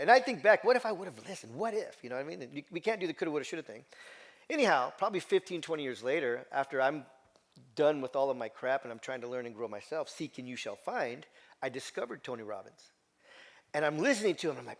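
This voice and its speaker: A middle-aged man, a motivational speaker telling a story to a live audience, animated and full of restarts and questions to the crowd. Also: fairly high pitch, quick pace. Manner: animated, repeats words and asks the audience questions. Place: stage before an audience.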